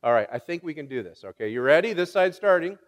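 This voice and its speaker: A male pastor with a notably high voice delivers a sermon in a church, joking with the congregation and stumbling into repeated words as he goes. His voice rings with the long reverb of a large sanctuary. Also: big pitch swings, fast. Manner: playful, teases the congregation.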